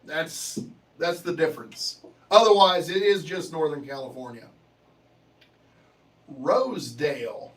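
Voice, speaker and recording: A male livestream host chats loosely with his viewers as he reads their comments, joking, swearing and laughing a lot. His fairly high voice swings widely in pitch, and he's expressive and unhurried, pausing often. He sounds a little distant from the microphone.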